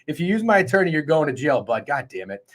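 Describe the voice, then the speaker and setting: A man hosting a sports betting show, talking in an excitable, profane, rambling way. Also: fairly high pitch, fast talker. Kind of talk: casual sports betting chat.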